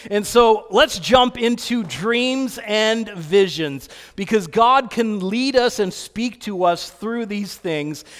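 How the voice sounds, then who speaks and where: A man pastor preaching a relaxed, conversational sermon, telling stories with fillers and restarts. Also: high voice, smooth. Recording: long reverb of a hall.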